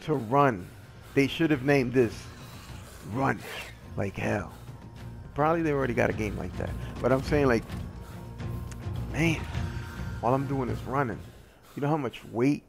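This gravelly man speaks at medium pitch and a measured pace, leaving long pauses, with music in the background. He gives easygoing, digressive commentary on a survival game, mocking himself and yelping excitably when attacked.

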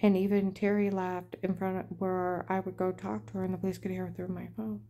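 A middle-aged woman talks straight to the camera and rambles through her story in an aggrieved, indignant voice. Her tone is warm and mellow, never bright, even when she is fired up. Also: mid-range voice, a little fast. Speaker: vlogger.

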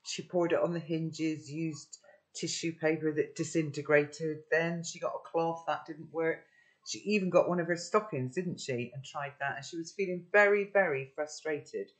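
A man's voice: on the high side, fairly even intonation, moderate pace, fairly bright tone. Man reading a children's novel aloud. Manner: friendly recap with tag questions.

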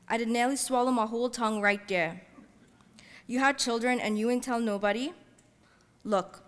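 A woman reads her fiction aloud at a library event in a measured, heartfelt first-person voice. Her pitch sits in the middle range, and her lines carry Caribbean-English dialect. A long reverb from the hall trails each phrase. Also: fairly bright tone. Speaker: author reading her work. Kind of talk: public reading of fiction.

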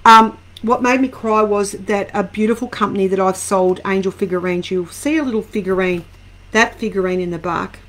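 A middle-aged woman with an Australian accent talks her way through an angel card reading on a live stream. She chats warmly, greets viewers by name and wanders off into personal stories before coming back to the cards. Her pitch sits in a middle range, and the sound has the feel of a camera set at table distance. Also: steady tone, normal speed. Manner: chatty and warm, greets viewers by name, rambling asides.

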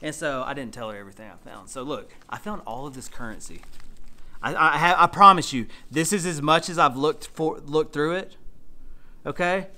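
A chatty man with a drawl shows off his finds in a casual vlog, his bright voice sitting a bit high. He talks excitedly, saying "y'all" often. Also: normal speed. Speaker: storage unit reseller vlogger. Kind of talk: casual show-and-tell vlog.

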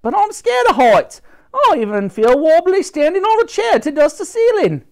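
A man voicing a jumpy, easily flustered cleaning woman in a high, loud voice. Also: wildly swooping pitch, normal speed, full character voice. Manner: shrill, breathless, overexcited. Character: excitable, timid cleaning woman.

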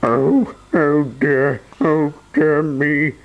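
A man's voice: very deep voice, steady tone, slow pace, creaky, slightly rough, phone-quality sound, exaggerated voice. A man voicing a stingy, grumpy old miser in a storybook reading, whiny and grumbling. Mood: wailing, begging.

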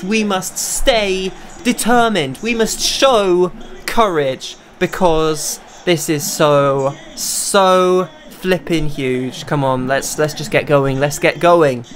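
Excitable man commentating his game. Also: slight background noise. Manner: excitable, talks to himself, bursts into high shouts at big chances. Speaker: gaming YouTuber. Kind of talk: live gameplay commentary.

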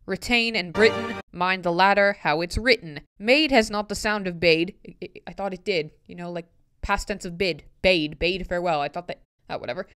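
A woman's voice: mid-range voice, normal speed, a bit bright, clear, resonant tone, dry recording. A woman vlogger reading a tricky pronunciation poem aloud, word by word, with puzzled, self-mocking asides in between.

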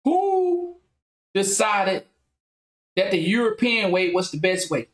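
A man's voice: high-pitched, big pitch swings, slow, roomy sound, low-quality recording. A man hosting a casual podcast, talking in an emphatic, riled-up way. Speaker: podcast host.

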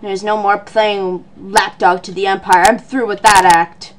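A woman voicing an earnest young male martial-arts monk in a lowered, solemn tone while reading game dialogue aloud. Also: little pitch movement, a little slow, a little hiss or hum, lightly acted.

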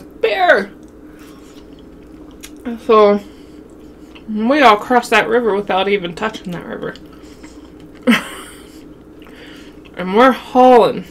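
A woman's voice: medium pitch, a little hiss or hum. Chatty woman telling a camping story. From Wyoming. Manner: chatty, addresses viewers as y'all, laughs often. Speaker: mukbang vlogger. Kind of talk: casual storytelling to viewers.

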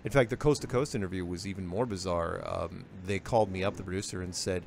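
A man's voice: low voice, fast, creaky, a little hiss or hum. A man being interviewed, telling his story casually and acting out what others said. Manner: animated, acts out quoted voices. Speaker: interview guest.

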